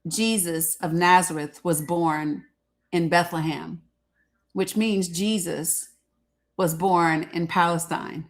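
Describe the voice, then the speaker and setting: A woman's voice: lowish voice, steady tone, takes it slowly. A woman hosting a live stream, chatting casually with her viewers and laughing often as she talks to them directly. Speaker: livestream host.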